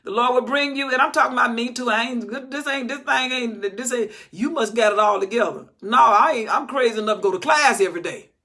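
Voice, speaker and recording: A woman's voice: a little high, fast talker, few pauses, pushed and bright. A woman teaching the Bible in an emphatic, scolding, repetitive way.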